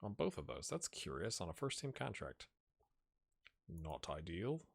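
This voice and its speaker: A man hosting a gaming channel, talking through a football management game in casual let's-play commentary, slangy and joking, cheering players on with loud outbursts. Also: lowish voice, fairly quick, vocal fry. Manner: excitable, talks to players in the game, loud outbursts when goals come; slangy and joking, trails off into mumbles.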